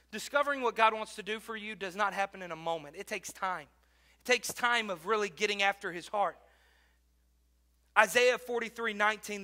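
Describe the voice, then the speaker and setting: A man preaching a sermon in a church, swinging between loud, emphatic bursts and quiet asides. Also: high voice. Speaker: pastor.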